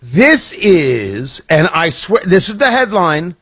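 Male radio host, higher voice, lively swings, playful riffing. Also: takes it slowly, breathy edge. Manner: joking, animated, self-interrupting. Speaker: radio talk show host. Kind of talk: casual radio chat.

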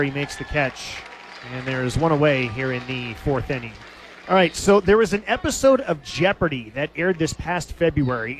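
A man calling a minor league baseball game on radio, telling a funny story between pitches and laughing at it. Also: a little hiss or hum. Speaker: baseball play-by-play announcer.

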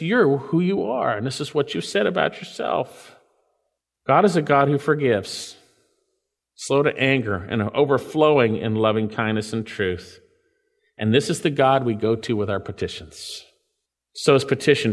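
A man preaching a sermon, reading scripture aloud and explaining it with lively emphasis. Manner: lively, rises in pitch for emphasis. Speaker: pastor. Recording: reverberant hall.

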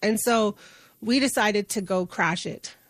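Speaking a little slowly in a mid-range voice, this middle-aged Canadian woman is a guest in an interview and a justice advocate. She recounts a story earnestly and conversationally, with fillers and restarts, and there's no echo.

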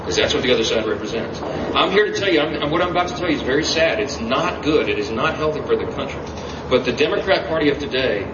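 A man's voice: medium pitch, expressive, quick pace. A man delivering an emphatic campaign stump speech at an event, throwing rhetorical questions to the crowd. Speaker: politician speaking at a campaign event. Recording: roomy, distant, muffled event audio with noise.

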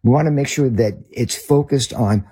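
A man's voice: medium pitch, moderate pace, mellow, breathy edge. A man with a Northern US accent, a ministry leader telling a story in conversation, rambling with restarts.

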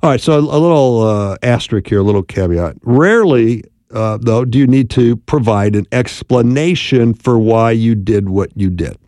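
A man's voice: mid-range voice, lively intonation, normal speed, few pauses, mellow, dry recording, studio quality. A man teaching about apologies in marriage, in a conversational style with frequent tag questions. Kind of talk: instructional talk on marriage.

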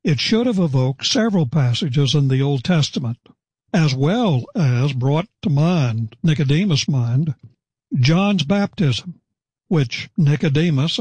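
A man preaching an expository sermon, reading scripture and explaining it in a measured way, leaning into the quoted lines. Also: a little high, a little mellow, husky, no echo.

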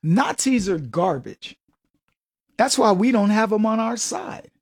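Husky-voiced male radio talk host. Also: high voice, expressive, measured pace. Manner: emphatic and sarcastic, laughs at his own jokes. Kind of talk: political commentary monologue.

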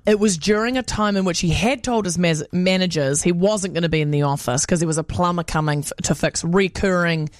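A chatty New man co-hosting a morning radio show, spinning jokey stories in loose banter. His voice sits fairly high for a man. The studio sound is close and dry. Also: fairly quick, few pauses, no room sound. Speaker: radio co-host.

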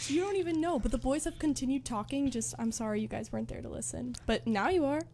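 A woman's voice: sits high, fast talker, gravelly, very noisy. A young woman co-hosting a podcast in casual chat, playful, laughing a lot and talking straight to the listeners. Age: young adult. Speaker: podcast co-host.

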